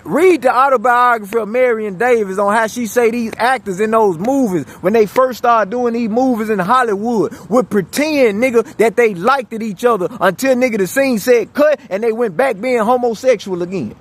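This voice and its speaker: A man's voice: very high-pitched, moderate pace. A man delivering a profane, rambling monologue, repeating himself and stumbling over restarts. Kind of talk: ranting monologue.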